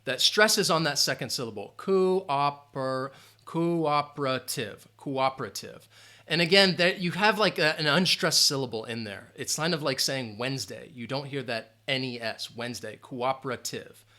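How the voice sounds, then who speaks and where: A man teaching English in a live-stream Q&A, lively and emphatic, repeating key phrases. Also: mid-range voice, normal speed.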